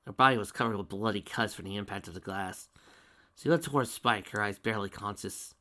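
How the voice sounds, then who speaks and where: A man's voice: on the low side, a little fast, pushed and bright. A man dramatically reading fan fiction aloud, breaking off with exasperated sarcastic asides. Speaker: fanfiction reader.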